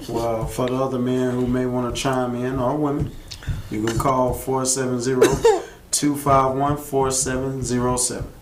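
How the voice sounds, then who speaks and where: A man co-hosting a casual talk show and giving his opinions, with loud laughing outbursts. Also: mid-range voice, little pitch movement, normal speed. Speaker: co-host. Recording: roomy studio with faint background noise.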